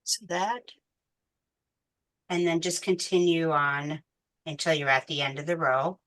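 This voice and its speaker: A woman with a low but bright voice walks a class through a beading pattern. She speaks slowly and counts each bead out loud with patience. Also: steady tone. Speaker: beading instructor. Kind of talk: step-by-step craft tutorial.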